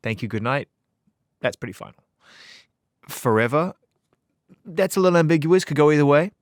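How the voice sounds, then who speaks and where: A man's voice: on the high side, expressive, no room sound. Playful male interviewer in a dry studio. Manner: playful and joking, quick to laugh along. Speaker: interviewer, radio host. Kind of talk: conversational interview.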